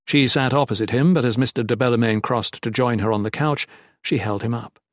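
A man's voice: medium pitch, dry recording. Man reading an audiobook in a dry studio. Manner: measured, descriptive. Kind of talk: audiobook narration.

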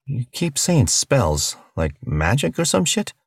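A man's voice: mid-range voice, wildly swooping pitch, takes it slowly, gravelly, husky, no echo, studio quality, pitched above the performer's own voice, heavily acted. A man voicing a bewildered young human captive who answers with sarcasm and curses. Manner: sarcastic, cursing.

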